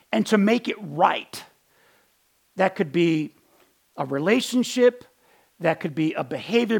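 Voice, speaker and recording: A middle-aged man giving a sermon in an earnest, conversational way, often repeating words as he restarts and going soft on quotes. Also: a little high, creaky, husky. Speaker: pastor.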